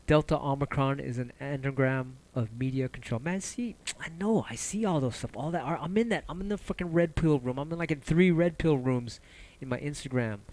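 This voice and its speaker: A man hosting a casual livestream, talking loosely and passionately, cursing often and rambling between ideas. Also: moderate pace. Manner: animated, jumps in pitch when excited. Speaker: livestream host.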